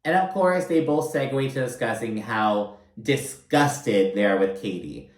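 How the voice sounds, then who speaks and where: A man's voice: mid-range voice, animated, measured pace. Man, casual TV recap commentary, blunt and profane, sarcastic, mid-range voice, roomy echo.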